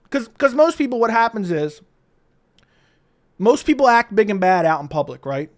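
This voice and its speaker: A man hosting a casual livestream, telling stories in a profane, animated way into a studio mic. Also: high-pitched, fairly quick, long pauses. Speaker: livestream host.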